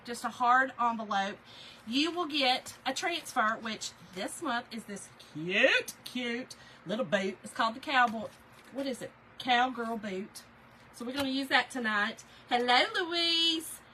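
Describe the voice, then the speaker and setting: A woman's voice: fairly high pitch, animated, a little slow, bright, forceful tone, slight background noise, rough recording. A middle-aged woman, hosting a casual craft live stream, chatty and laughing, greeting viewers by name from her craft room.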